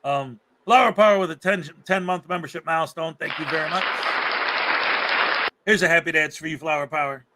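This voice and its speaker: A man's voice: on the high side, brisk, a loud crowd, heavy background noise. A man hosting a livestream in casual chat, upbeat and repeating words for emphasis. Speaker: livestream host.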